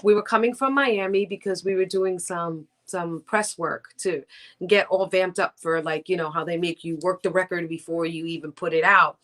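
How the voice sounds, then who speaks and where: A middle-aged woman, a guest singer, chatting in an interview over a video call and telling stories with animated, acted-out quotes. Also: on the low side, normal speed. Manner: animated, acts out quoted voices with big jumps. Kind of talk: casual interview storytelling.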